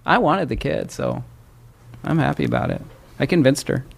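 A cheerful man in his late thirties, from the Midwest, talks in a relaxed, chatty way. His voice sits at an ordinary middle pitch, and he laughs easily as he talks. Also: moderate pace, vocal fry. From American Midwest. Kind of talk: casual chat.

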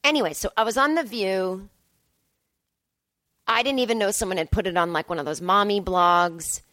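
With a mid-range voice, moderate pace and sharp tone, a woman in her forties delivers a casual solo podcast monologue from a hotel room. The audio has no echo, and her storytelling is chatty, sarcastic and self-deprecating.

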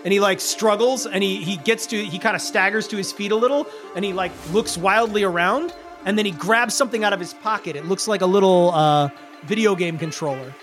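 A man's voice: high-pitched, fairly quick, a bit bright, faint music behind. A man narrating as game master in a casual, loose way. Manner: loose, casual, many fillers.

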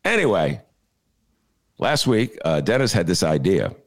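A podcast host with a deep, very animated voice speaks at a measured pace. His rambling comic chat is jokey and digressive, packed with filler "uh"s, and he laughs at his own jokes.

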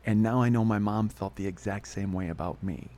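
A man hosting a podcast and telling a candid personal story in a fast, profane, casual way. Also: fairly low pitch, mellow. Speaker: podcast host. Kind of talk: storytelling monologue.

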